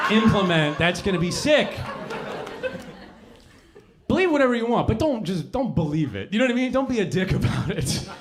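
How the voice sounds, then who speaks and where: A man's voice: on the high side, noisy background. A young man doing a profane, rambling stand-up set on a comedy club stage, self-mocking, into a handheld mic, with live audience laughter.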